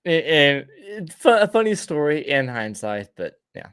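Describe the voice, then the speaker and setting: A man's voice: fairly high pitch, big pitch swings, measured pace, a bit bright, clean tone, no room sound. Young man, podcast host, stammering rambler, casual chat, dry close sound. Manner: rambling storyteller, stammers and repeats words.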